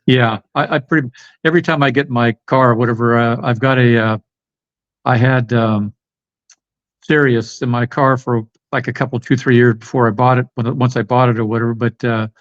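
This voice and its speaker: A man's voice: mid-range voice, fairly even intonation, fairly quick, lo-fi sound. A middle-aged American man, a podcast guest, rambling with many fillers and restarts. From United States. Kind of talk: casual interview chat.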